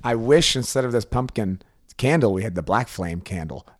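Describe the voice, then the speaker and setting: A young man co-hosting a music video countdown, upbeat with quick quips in casual chat. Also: on the low side, expressive, no echo, studio quality.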